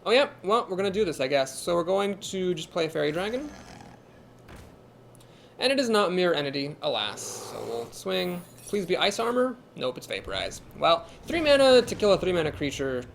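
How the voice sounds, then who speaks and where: Chatty Midwestern guy with a lively voice. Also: high voice, moderate pace, vocal fry, a little hiss or hum. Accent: Midwestern American. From Ohio, USA. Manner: chatty, thinks aloud, reads chat comments and laughs easily. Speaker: game streamer. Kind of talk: live gameplay commentary.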